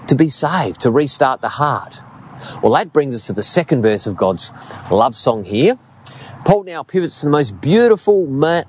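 A man in his fifties with an Australian accent, preaching a sermon and telling stories in an earnest, expressive way. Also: mid-range voice, slight background noise. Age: 50s.

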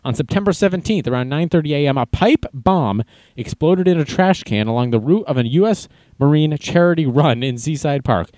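Man with a lively, bouncing voice. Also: on the high side, fairly quick, dry recording. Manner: wry, jokey asides. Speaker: online commentator reading news. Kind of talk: casual commentary with jokes.

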